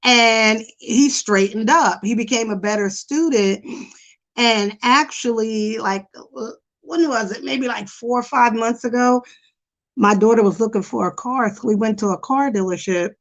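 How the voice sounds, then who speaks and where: A middle-aged woman hosting a psychology podcast, talking in a chatty, animated way with lots of fillers. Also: a little high, unhurried. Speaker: podcast host, psychology professional. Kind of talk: casual chat.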